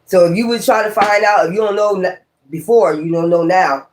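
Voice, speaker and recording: A man's voice: high voice, brisk, slight background noise. A man doing a casual tarot reading, talking in a blunt, profane, rambling and preachy way. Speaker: tarot reader.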